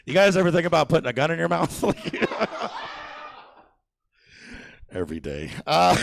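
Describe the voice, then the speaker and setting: Gravelly young man doing crude stand-up. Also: fairly high pitch, wildly swooping pitch, a little slow, slight background noise. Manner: crude, rambling, self-mocking, crowd work. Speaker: stand-up comedian. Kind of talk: stand-up set. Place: comedy theater stage.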